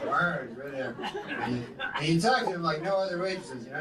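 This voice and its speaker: A stand-up comedian with a high voice and a faint lilt, rambling deadpan through his set. The sound is an old, roomy club recording from a distance, with loud crowd laughter and hiss behind him. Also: a little fast. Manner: rambling, deadpan delivery with many "you know"s. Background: audience laughing.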